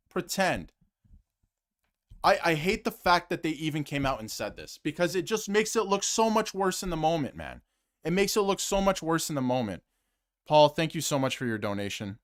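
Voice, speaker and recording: Male sports host, fired-up rant, animated pitch, repeats himself for emphasis. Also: normal speed. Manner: heated and emphatic, repeats phrases, swings between loud outbursts and muttered asides. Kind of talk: fired-up solo hockey rant to camera, reading super chats.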